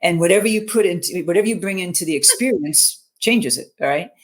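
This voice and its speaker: A woman's voice: lowish voice, expressive, quick pace. A middle-aged woman, a mental fitness coach, telling a personal story in an online interview. She speaks earnestly and keeps checking in with "you know", "okay?" and "right?".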